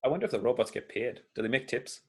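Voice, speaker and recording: A man's voice: mid-range voice, animated, fast, vocal fry, breathy edge. A man in a casual chat, cutting in with teasing jokes. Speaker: podcast co-host.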